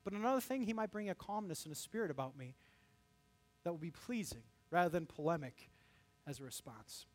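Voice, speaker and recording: A pastor preaches in a high, bright register, speaking briskly and with animation. He briefly performs the voices of those he quotes before returning to his teaching.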